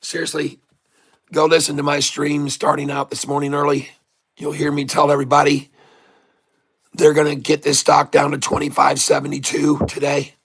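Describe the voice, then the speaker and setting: A man hosting a live day-trading stream, hoarse from long hours of talking, who coaches viewers in a folksy way, repeats his instructions and keeps calling them folks. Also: a little high, completely flat delivery, moderate pace, fairly bright tone. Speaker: day-trading livestream host. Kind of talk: live trading commentary to chat.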